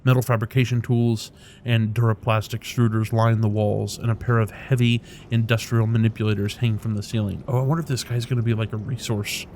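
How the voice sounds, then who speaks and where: A man's voice: lowish voice, flat delivery, a little fast, darkish tone, a little hiss or hum. A man narrating a video game, reading its text aloud with casual remarks and tripping over unfamiliar names. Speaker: let's play commentator.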